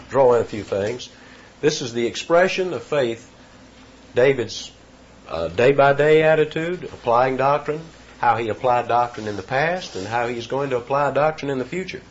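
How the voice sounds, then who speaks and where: A male preacher works through a scripture passage verse by verse, driving his points home with repetition. His voice sits at a middle pitch. The recording sounds dull and lo-fi, with a faint hiss underneath. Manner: teaching verse by verse, emphatic repetitions. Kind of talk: expository sermon.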